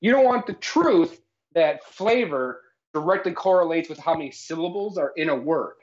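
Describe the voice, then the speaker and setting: A co-host of a jokey cooking livestream explains ridiculous facts as if he's an authority, punctuating his lines with "all right?". His voice is expressive and on the high side, at normal speed, and the lo-fi stream audio is slightly dull.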